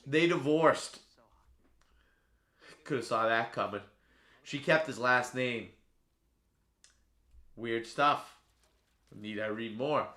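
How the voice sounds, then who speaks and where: A man hosts a live stream with a bright, forward voice. He calls the race play-by-play, swinging from quiet asides to sudden loud cheering. The room around him rings with echo. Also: mid-range voice, slow, pauses often. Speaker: stream host.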